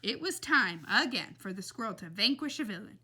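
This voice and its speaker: A woman reading a children's novel aloud in a lively, expressive way. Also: medium pitch, moderate pace, slight background noise. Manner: lively and expressive, laughs between passages. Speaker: reader.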